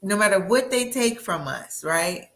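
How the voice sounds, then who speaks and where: Bright-voiced, motivational woman host. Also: medium pitch, animated, unhurried. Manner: emphatic and motivational, often asks "right?". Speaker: interview host. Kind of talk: conversational interview.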